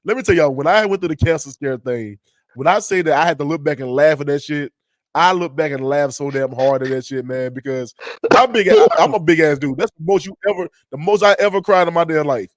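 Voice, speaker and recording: Animated, profane man hosting a podcast. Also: fairly high pitch, brisk, no room sound. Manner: animated, profane storytelling with loud laughs. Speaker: podcast host. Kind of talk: casual podcast chat. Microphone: remote streaming call.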